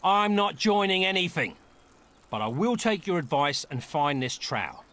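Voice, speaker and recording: A man's voice: fairly high pitch, very animated, moderate pace, a bit bright. An actor playing a wary, sardonic male bard in a video game, talking drily. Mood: triumphant. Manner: dry, suspicious.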